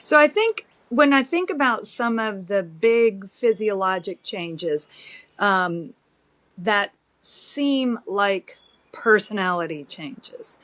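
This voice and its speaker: A woman in her fifties, a doctor and podcast guest, speaking in a measured, reflective way with frequent pauses and fillers. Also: medium pitch, animated, a bit bright. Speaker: OB-GYN guest. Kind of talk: conversational podcast interview.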